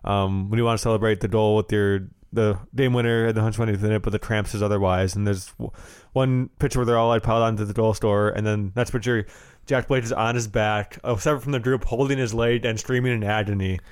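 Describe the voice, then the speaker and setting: A man's voice: lowish voice, fairly even intonation, quick pace, clear, resonant tone, dry recording, studio quality. A man co-hosting a casual soccer podcast, telling stories with wry, laughing humor. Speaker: podcast co-host.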